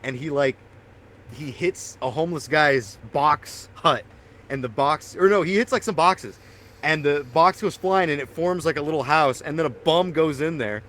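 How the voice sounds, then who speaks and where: A man's voice: a little high, moderate pace, fairly bright tone. Rambling, profane guy on a podcast. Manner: rambling profane storytelling, laughs often. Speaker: podcast co-host. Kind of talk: casual chat.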